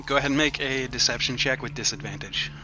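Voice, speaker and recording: A man narrating a tabletop game as game master, lively, with quick asides. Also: medium pitch, music in the background.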